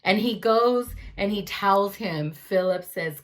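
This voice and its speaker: A woman giving a lively youth club Bible talk, storytelling and acting out quotes in slangy, casual speech. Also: mid-range voice, takes it slowly, few pauses. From California. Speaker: youth ministry speaker.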